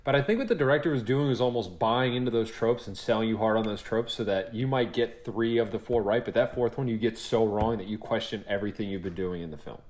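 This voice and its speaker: A young man co-hosts a podcast in a fairly low voice, talking quickly with few pauses. He chats casually as an animated storyteller, acting out what people said and swearing freely.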